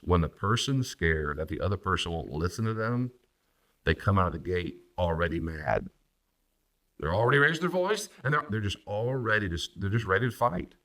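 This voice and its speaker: A man, a pastor and counselor, teaching on marriage and acting out spouses' lines in quick voices. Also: low-pitched, a bit bright, distant mic. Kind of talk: recorded teaching talk on marriage.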